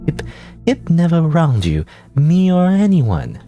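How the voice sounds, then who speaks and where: A man's voice: a little high, huge pitch swings, slow pace, warm tone, soft background music, voice pushed up, full character voice. A man voicing a troubled, pious nun in a game, with earnest, anxious questioning.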